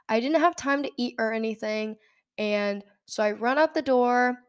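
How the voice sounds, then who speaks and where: A nineteen-year-old woman from Nebraska, telling a story in a casual, animated way and often laughing. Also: a little high, moderate pace, smooth. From Nebraska, United States. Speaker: podcast host.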